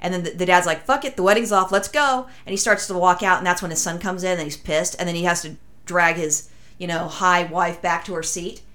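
Rambling lower-voiced woman telling a story. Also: brisk. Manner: rambling, animated anecdote with acted-out quotes. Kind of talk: casual storytelling chat.

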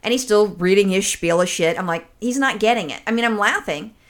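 A woman's voice: medium pitch, brisk. A woman co-hosting a casual podcast, telling a story with lots of energy, swearing freely and acting out the people in it. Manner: animated storyteller, swears freely, mimics callers. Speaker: podcast co-host.

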